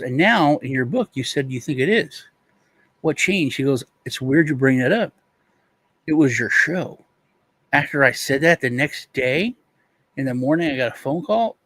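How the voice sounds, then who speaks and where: A man's voice: medium pitch, fairly bright tone, dry recording. Man rambling in casual chat, dry sound. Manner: rambling retelling with restarts and quoted voices. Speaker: co-host.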